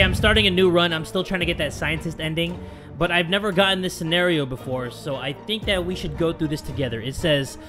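Young male gamer, high and bright, excitable let's-play host who swears and yells at setbacks. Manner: excitable, reads game text aloud, swears, yells at setbacks. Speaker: gaming YouTuber.

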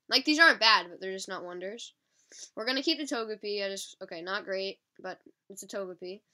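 Bright, stuffy-nosed woman gaming. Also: mid-range voice. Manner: chatty, excitable, talking to viewers. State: stuffy nose, sniffly. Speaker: mobile game channel host. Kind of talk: casual gameplay commentary.

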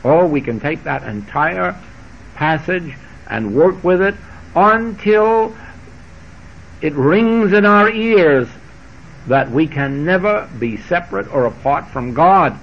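A man giving a spiritual lecture, speaking deliberately and repeating scripture phrases with shifting emphasis. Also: a little high, slight background noise. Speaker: spiritual teacher. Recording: dull lo-fi archival tape.

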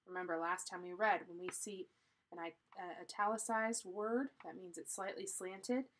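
A woman reading a children's chapter book aloud in a deliberate, teacherly way, pausing to explain. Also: on the low side, steady tone, fairly bright tone, slight background noise, poor audio. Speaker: storybook reader.

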